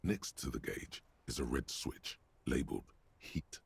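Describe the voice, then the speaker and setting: An actor voicing a grave male narrator in a video game, with a gravelly, raspy voice and slow descriptive delivery. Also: rumbling low, very animated, no room sound, full character voice.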